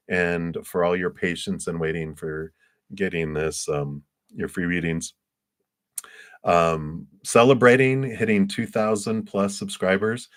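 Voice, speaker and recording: A man giving a tarot reading on a livestream, meandering and searching for words, with gentle, affectionate sign-offs. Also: low-pitched. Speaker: tarot reader.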